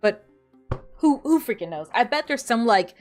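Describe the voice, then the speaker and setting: A woman's voice: on the high side, lively intonation, moderate pace, faint music behind. A woman streamer chatting casually while playing a game, rambling and laughing often. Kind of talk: casual gaming stream chat.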